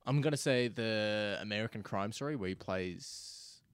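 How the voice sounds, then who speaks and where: A man co-hosting a podcast, telling stories in an animated way and laughing a lot. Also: fairly low pitch, moderate pace, smooth, dry recording, clean studio sound. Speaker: podcast co-host. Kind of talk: casual chat.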